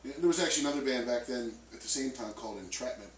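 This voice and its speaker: A band member chats loosely in a casual interview, his mid-range voice moving very fast. He rambles with many fillers and restarts. The mic sounds distant in a roomy space with faint noise.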